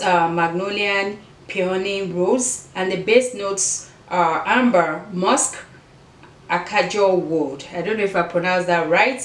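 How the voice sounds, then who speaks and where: A woman with an African accent, chatting casually to camera as a fashion and beauty vlogger, meandering and restarting her sentences. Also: medium pitch. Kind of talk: casual vlog chat to camera. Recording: echoey room, mic at a distance.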